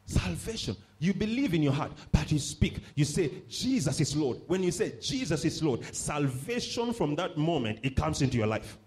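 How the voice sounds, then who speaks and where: A male preacher delivering a sermon in a fairly high voice that rises and falls widely. He drives his points home through repetition and draws the congregation in to respond. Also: sing-song, normal speed, few pauses, a little mellow. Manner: emphatic, repeats phrases for stress and calls on the congregation.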